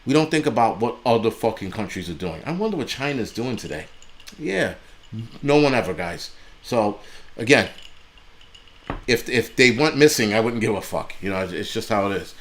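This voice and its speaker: A man's voice: on the low side, expressive, moderate pace. A man hosting a livestream, ranting angrily and bluntly with heavy profanity and mocking asides. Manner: angry, blunt and heavily profane, mocking voices in quotes. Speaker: livestream host. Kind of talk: profane political rant on a livestream.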